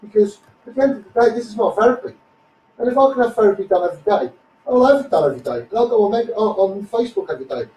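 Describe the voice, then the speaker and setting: Scouse man, blunt and combative live-stream rant, high-pitched voice, roomy sound from a distance. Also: lively intonation, racing, darkish tone. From Liverpool, England. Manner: blunt, combative, repeats "you know what I mean". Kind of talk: ranting live stream monologue.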